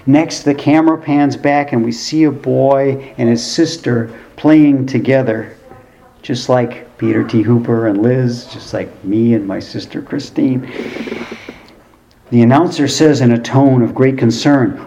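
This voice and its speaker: A man's voice: medium pitch, a little slow, gravelly, mellow, rough recording. Wry older male pastor preaching. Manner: wry, conversational storyteller. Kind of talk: sermon with personal storytelling.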